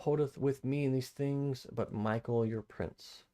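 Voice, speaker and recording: Steady and warm at a mid-range pitch, this Bible study streamer reads scripture at a measured pace on a live stream and muses over it. He thinks aloud, repeats phrases and rereads verses as he puzzles, slipping casual, plain remarks between the formal reading.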